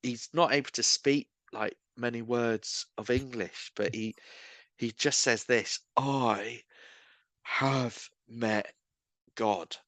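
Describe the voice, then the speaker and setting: Casting: male guest, mid-pitched, dry close sound, spins funny faith anecdotes. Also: unhurried, dry recording. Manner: animated, self-mocking anecdotes. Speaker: guest, street evangelist. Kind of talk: casual storytelling chat. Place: pub bar.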